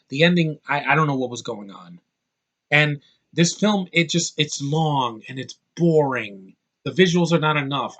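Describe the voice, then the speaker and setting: A man's voice: fairly high pitch, fairly bright tone, husky. Angry man ranting about a film. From United States. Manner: angry, profane ranting with sarcastic asides. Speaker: movie reviewer.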